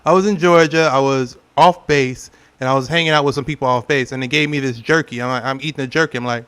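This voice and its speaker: A man's voice: medium pitch, steady tone, fast, few pauses, fairly bright tone, clean tone. A young adult man streaming gameplay, chatting casually with viewers, joking and laughing often. He is from California. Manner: laughing often, joking, acts out silly quotes. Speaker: gaming streamer.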